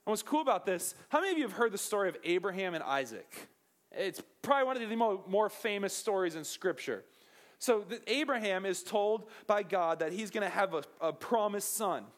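Animated casual young male preacher. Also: sits high, fairly quick. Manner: casual and animated, with jokes and acted-out quotes. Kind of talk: sermon.

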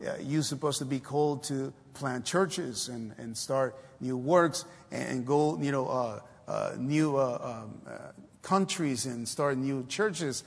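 A man's voice: mid-range voice, takes it slowly, husky. A man preaching a sermon in a church, hesitant with many fillers but breaking into emphatic exhortations. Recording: long hall reverb.

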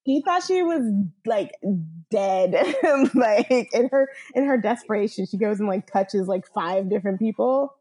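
Husky-voiced young woman, chatty. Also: medium pitch, lively intonation, unhurried, mellow. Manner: chatty, rambling, self-interrupting. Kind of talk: casual chat recapping a film.

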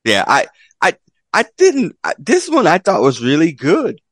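A man's voice: fairly high pitch, wildly swooping pitch, unhurried, dry recording. A man casually recapping an old wrestling event as a podcast co-host, rambling with lots of fillers and swearing.

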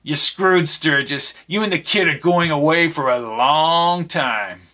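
A man's voice: fairly high pitch, measured pace, bright, forceful tone. A man voicing a brutal, short-tempered henchman who barks orders in an audiobook reading. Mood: gruff. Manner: barking orders.

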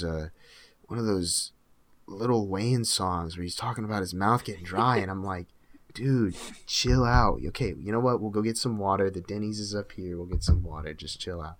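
Young male co-host, low voice, lively anecdotal delivery. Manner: animated storyteller, quoting friends in lowered voice. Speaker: podcast co-host telling a story. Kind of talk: casual storytelling.

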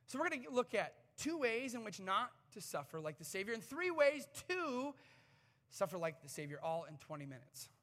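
A man in his thirties preaching a sermon as a pastor, telling stories with an animated, self-deprecating manner. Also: high voice, moderate pace. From United States. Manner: animated storytelling, self-deprecating, rising to excited peaks. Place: church sanctuary. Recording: reverberant church hall.

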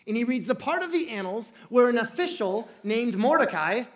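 A pastor retelling a story in a sermon, dramatic and jokey, with bursts of shouting at the high points. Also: animated, normal speed.

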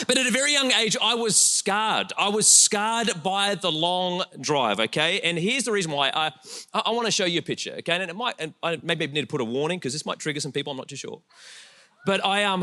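A man preaching a light, joking sermon to a room full of people. His voice sits high and bright. It swings up and down as he teases the crowd and tells his story. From Australia. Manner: animated storytelling, playful asides to the crowd. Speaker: pastor. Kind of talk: humorous sermon to a live congregation.

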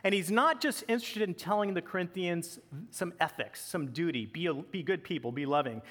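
A pastor delivering a conversational sermon with casual asides. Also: male voice, sits high, brisk, a bit bright, long reverb tail.

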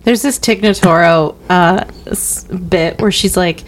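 A woman's voice: fairly low pitch, measured pace, a little hiss or hum. Friendly woman podcast co-host. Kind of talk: casual film discussion.

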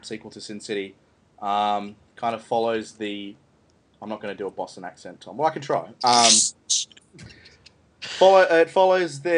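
A man hosting a casual film review podcast, rambling with lots of fillers and restarts. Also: on the low side. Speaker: podcast host.

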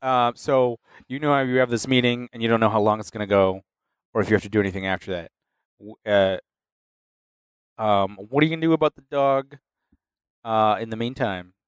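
Rambling, hesitant game master. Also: male voice, fairly low pitch, fairly even intonation, fairly quick, pauses often, clear, resonant tone, dry recording, clean studio sound. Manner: hesitant, filler-heavy. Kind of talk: narrating a tabletop game.

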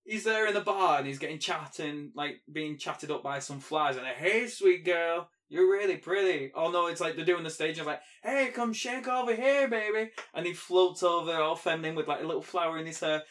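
Brief: playful male podcast co-host, high voice, laughs a lot. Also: steady tone, brisk, few pauses, fairly bright tone. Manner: giggly, playful. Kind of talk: casual chat.

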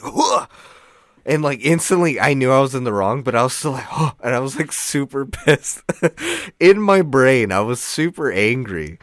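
Young man, podcast co-host, animated pitch, dry close mic. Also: no echo. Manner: animated storytelling, laughs often, many "like" fillers. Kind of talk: casual chat. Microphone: studio microphone.

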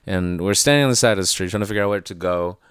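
A filmmaker telling a rambling, animated story in casual chat. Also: male voice, low voice, very fast, smooth, dry recording, studio quality.

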